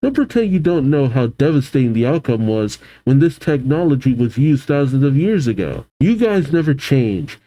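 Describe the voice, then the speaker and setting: A man's voice: mid-range voice, sing-song, normal speed, few pauses, warm tone, natural voice. A man reading the lines of a scornful, defiant young woman warrior from a manga, in a lecturing tone.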